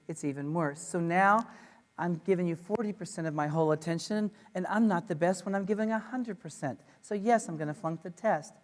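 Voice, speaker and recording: A high-pitched man gives an energetic talk at an education conference, speaking playfully and emphasizing his points hard. His animated voice rings out with a long reverb from the conference room.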